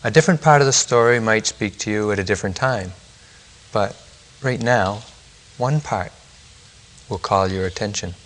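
A man who teaches meditation, reading a children's story aloud in a gentle, measured way at a retreat center. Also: on the low side. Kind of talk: storytelling in a dharma talk.

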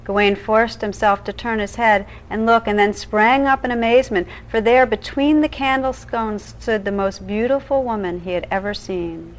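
A woman meditation teacher reading an old legend aloud in a calm, measured way during a dharma talk. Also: mid-range voice, poor audio.

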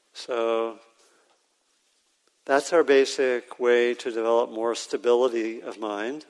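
Unhurried man guiding meditation in a hall. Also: medium pitch. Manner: unhurried, halting, with frequent pauses and fillers. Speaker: meditation teacher. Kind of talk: guided meditation instruction. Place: meditation hall with a live group. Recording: reverberant hall sound.

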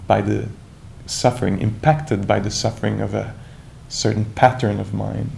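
A man giving a calm, reflective dharma talk as a meditation teacher, searching for words with many restarts and asides. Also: fairly low pitch, moderate pace, creaky, slight background noise.

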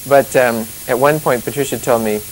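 A man's voice: medium pitch, fairly even intonation, moderate pace, poor audio. Man, meditation teacher, casual dharma talk, chuckles a lot, rambling asides, light background hiss. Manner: chatty, rambling, laughs often, many "you know" and "you see" asides.

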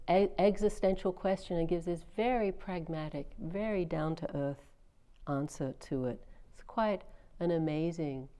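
A middle-aged woman, a meditation teacher, giving a dharma talk in a gently conversational storytelling way, with fillers and restarts. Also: fairly low pitch. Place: meditation retreat hall.

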